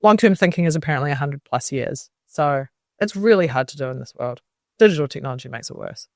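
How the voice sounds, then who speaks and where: A woman's voice: deep voice, lively intonation, fast talker, a little mellow, dry recording, clean studio sound. A woman co-hosting a podcast, speaking in an opinionated, emphatic way in casual chat. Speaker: podcast co-host.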